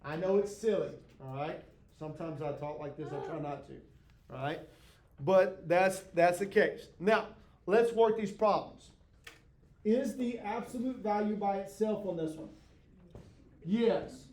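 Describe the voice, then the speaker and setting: Man, math teacher, classroom lecture, high mellow voice, folksy, self-deprecating, frequent check-ins, echoey classroom. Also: measured pace.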